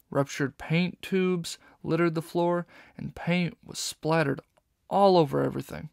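A man narrating a children's novel audiobook in steady storytelling. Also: on the high side, vocal fry, no room sound, clean studio sound.

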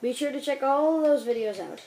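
A woman giving excited hockey gameplay commentary, yelling in frustration and cheering her plays. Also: high voice, brisk, poor audio. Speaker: gaming YouTuber.

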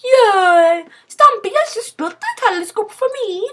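A woman's voice: very high voice, expressive, measured pace, few pauses, fairly bright tone. A young woman playing a game with a friend, in silly, dramatic, exclaiming commentary. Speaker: gamer.

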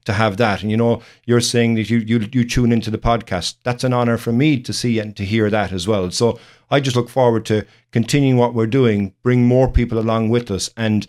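A man's voice: mid-range voice, fairly even intonation, a little fast, a little mellow. A man with an Irish accent, a podcast guest speaking earnestly in a rambling, casual chat.

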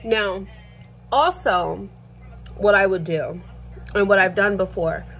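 A woman's voice: mid-range voice, slow, a bit bright. A woman ranting bluntly and swearing freely while she cooks in her kitchen for a vlog. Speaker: vlogger. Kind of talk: casual rant while cooking. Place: home kitchen.

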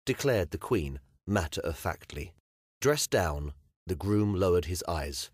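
A male audiobook narrator reading historical fiction in an expressive storytelling manner. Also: deep voice, measured pace, husky, no room sound, studio quality. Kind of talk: scripted narration.

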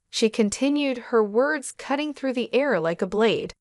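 Woman narrating a story in a steady voice. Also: a little high, unhurried, hardly any pauses, no room sound, studio quality. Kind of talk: scripted first-person story narration.

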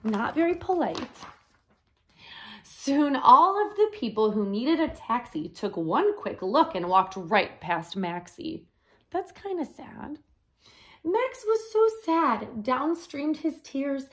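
A woman reading a picture book aloud to children in a gentle voice, stopping to add her own comments. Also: sits high. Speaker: storyteller.

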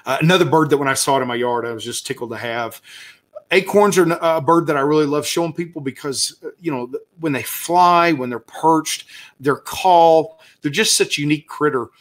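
This birding guide from the American South talks a little fast with a slightly high voice. His casual slide presentation is eager and meandering, packed with fillers and false starts.

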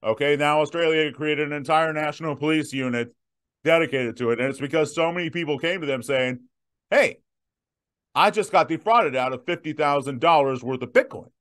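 A man in his thirties hosting a viewer Q&A, emphatic and direct, slowing down to stress his points. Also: a little high, fairly bright tone. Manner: emphatic, punchy repetitions, slows down to stress points. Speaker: host answering viewer questions. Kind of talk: direct-to-camera Q&A.

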